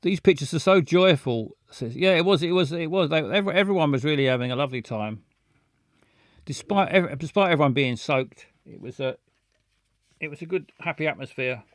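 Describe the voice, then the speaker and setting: A man hosting a live show, chatting casually in a halting, playful way with many restarts and silly jokes. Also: fairly high pitch, animated, no echo, studio quality. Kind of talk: casual rambling live chat.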